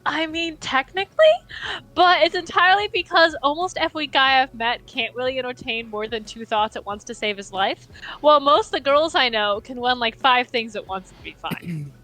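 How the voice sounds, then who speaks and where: A young woman in a casual group chat, blunt and quick-witted. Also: sits high, bright, forceful tone, low-quality recording. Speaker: chat participant.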